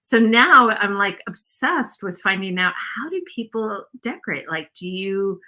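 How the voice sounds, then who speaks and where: A woman's voice: medium pitch, animated, unhurried, sharp tone. A woman hosting a casual craft livestream, rambling and self-deprecating as she chats with viewers. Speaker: craft video host.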